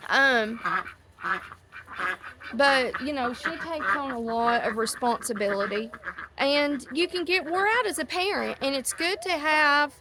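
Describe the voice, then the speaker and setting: A woman's voice: high-pitched, unhurried, noisy background. A middle-aged woman, hosting a casual outdoor chat to a live audience, rambling and easily sidetracked. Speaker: host. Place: outdoors near ducks. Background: ducks quacking.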